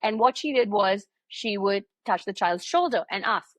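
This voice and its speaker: A woman in her thirties from India, co-hosting a parenting podcast and telling stories in a quick, animated way. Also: medium pitch, dry recording. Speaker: podcast co-host, pediatric sleep consultant. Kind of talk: casual podcast chat.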